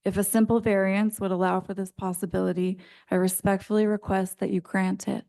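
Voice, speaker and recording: A woman's voice: medium pitch, little pitch movement, brisk, vocal fry, warm tone. A woman reading an earnest prepared statement as a public commenter at a county planning meeting.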